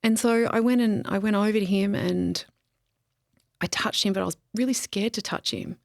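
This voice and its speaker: Creaky-voiced woman recounting her loss. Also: medium pitch, no echo, studio quality. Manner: halting, many ums and restarts. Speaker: podcast guest. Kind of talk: emotional interview, personal story.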